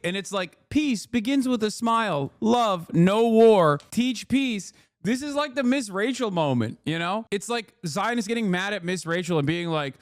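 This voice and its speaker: A man's voice: sits high, animated, a little slow, no echo, studio quality. A man hosting a livestream, ranting in profane, sarcastic commentary. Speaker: streamer host.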